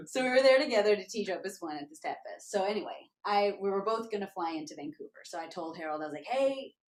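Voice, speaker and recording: A woman guest telling a story in a casual, animated way, laughing often and acting out quotes. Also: medium pitch, fast talker. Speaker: guest tap dancer. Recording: roomy echo.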